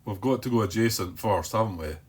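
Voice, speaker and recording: A man's voice: lowish voice, a little fast, breathy edge. Hesitant man thinking aloud over rules. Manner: hesitant, questions himself, repeats words; talks himself down by name. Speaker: solo board game player. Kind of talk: thinking-aloud playthrough commentary.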